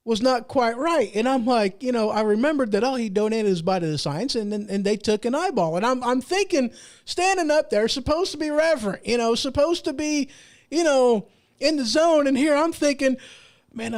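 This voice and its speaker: A man hosts his own show. He rambles through a story with lots of fillers and restarts, joking about himself. It sounds like a casual, unscripted monologue. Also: very high-pitched. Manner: rambling, self-deprecating, with frequent restarts and fillers. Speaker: podcast host.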